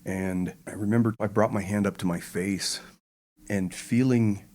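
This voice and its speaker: An older man, a retired pararescueman, retelling his combat experience as a podcast guest in a slow, measured and vivid way. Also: lowish voice, steady tone, a little mellow. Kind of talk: interview storytelling.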